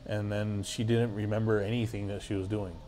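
A man's voice: on the low side, level tone, brisk, dark tone, a little hiss or hum. A man guesting on a podcast, telling a story in a rambling, casual way full of filler words and swearing.

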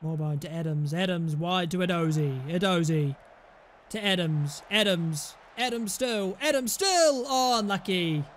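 A young man with a very high voice, yelling and swearing his way through live game commentary. His speech swings between shouting and muttering. There is a faint hum of room noise behind him. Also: unhurried. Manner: excitable, swearing, commentating on his own match. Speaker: gaming YouTuber.

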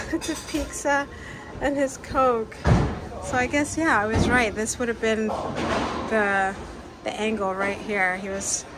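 A woman's voice: a little high, steady tone, slow pace, heavy background noise. Breathless, gushing woman vlogging outdoors. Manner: gushing, exclaims often, laughs. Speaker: travel vlogger. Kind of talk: excited walking vlog. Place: outdoors in cold weather, on a street.

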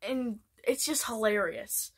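A woman's voice: a little high, slow, husky. A woman chatting casually in a vlog, rambling with many restarts. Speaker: vlogger. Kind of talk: casual vlog chat ranking TV shows.

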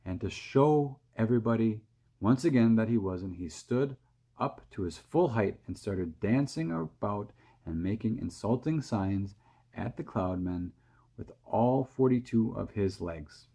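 A man calmly reading a children's storybook aloud, close to the camera mic. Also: fairly low pitch, a little slow, creaky, breathy edge. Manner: calm, steady reading.

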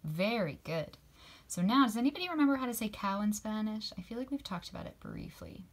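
A woman teaching young children their letters, spelling words out slowly and praising each answer. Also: mid-range voice, animated. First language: English. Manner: slow, encouraging, spells out letters and sounds.

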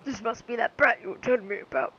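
A haughty villain's wife, read by a woman in a fairly high voice, mocking and condescending. The audio is dull and lo-fi. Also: fast, fairly bright tone, husky.

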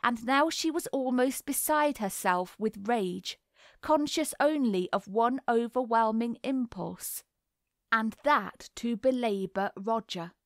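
A woman narrating a classic novel in a measured, deliberate reading voice. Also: a little high, no echo, clean studio sound. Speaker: audiobook narrator. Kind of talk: scripted literary narration.

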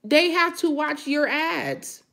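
A woman's voice: sits high, expressive, takes it slowly, gravelly, a bit bright. A woman hosting a live chat with her viewers, talking frankly and emphatically straight to them.

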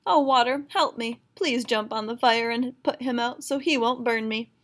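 Lady reading as a tiny stubborn rooster on one leg, earnest, pretty high voice. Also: normal speed, a bit bright, close to an everyday voice. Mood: pleading. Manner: earnest, insistent pleading. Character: small determined one-legged rooster.

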